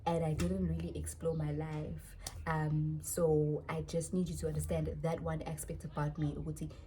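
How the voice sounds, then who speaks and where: A woman voicing a smooth-talking married man in his twenties, speaking low, soft and calm. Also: normal speed, a little hiss or hum, natural voice. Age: 20s.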